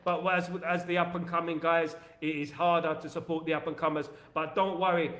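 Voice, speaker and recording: A young East London man hosting a football live stream, his voice pitched fairly high for a man. He reads out viewer comments and riffs on them in an animated, chatty way. The room around him has a noticeable echo. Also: fairly quick. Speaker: livestream host. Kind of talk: casual live-stream chat.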